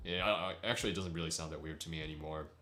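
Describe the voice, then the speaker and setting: A man's voice: very deep voice, steady tone, very fast, sharp tone, echoey room, faint music behind. A young man chatting casually with his livestream viewers, rambling and laughing often. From United States. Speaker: streamer.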